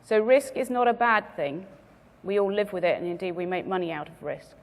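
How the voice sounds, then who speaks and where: A woman speaker giving a measured business presentation to a conference audience, stressing her key words. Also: medium pitch, big-room sound. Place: conference venue.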